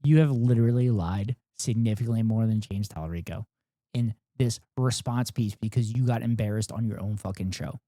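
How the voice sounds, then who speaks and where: A woman's voice: rumbling low, fairly quick, dark tone, no room sound. Sarcastic woman streamer, dry sound. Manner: profane, incredulous, sarcastic. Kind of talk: casual reaction commentary.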